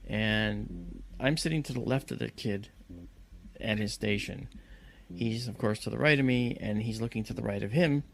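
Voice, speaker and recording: A man's voice: lowish voice, vocal fry. A man telling a personal story dramatically, acting out the voices of the people in it, with many fillers and restarts. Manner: acts out voices in quotes, halting with fillers.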